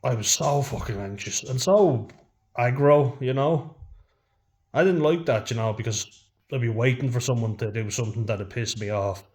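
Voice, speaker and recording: A man's voice: medium pitch, moderate pace, darkish tone. An Irish man vlogging to camera in a frank, casual chat, swearing freely and saying "you know" often.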